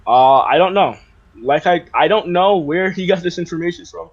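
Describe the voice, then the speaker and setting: On lo-fi audio, a man with a voice on the high side talks at normal speed in casual voice chat. He's a roleplay server player rambling through a retold conversation, full of fillers and restarts.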